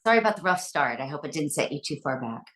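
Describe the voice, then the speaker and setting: A woman's voice: sits low, lively intonation, quick pace, a bit bright, soft background music. A woman, a voice actress guest, chatting playfully and laughing often over a video call. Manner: giggly, playful. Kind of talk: casual interview chat.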